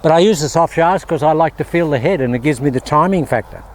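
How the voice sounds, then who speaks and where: With a fairly high, slightly mellow voice and a fast delivery, an Australian golf instructor chats through a casual lesson outdoors on a windy range. He stays upbeat as he hits shots, calling viewers "guys" again and again.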